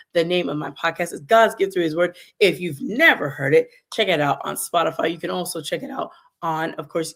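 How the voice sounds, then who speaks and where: A woman hosting a faith podcast livestream, talking in an animated, emphatic way and speaking to viewers in the chat. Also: on the low side, vocal fry. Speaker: podcast host. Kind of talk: casual devotional livestream talk.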